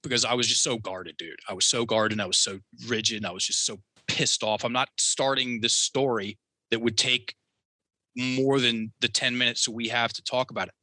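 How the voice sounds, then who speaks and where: A man with a very bright, forceful voice tells a personal story as a podcast guest. He is animated and acts out the voices of the people in his story, recorded dry and close. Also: medium pitch, normal speed, no echo. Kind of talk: storytelling in a conversational interview.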